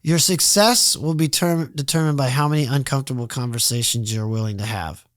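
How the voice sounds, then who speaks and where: A man telling stories as a podcast guest in casual talk, animated and quick to act out other people's lines, swearing freely. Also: mid-range voice, dry recording, clean studio sound. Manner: animated storyteller who acts out quoted dialogue. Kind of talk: casual storytelling interview.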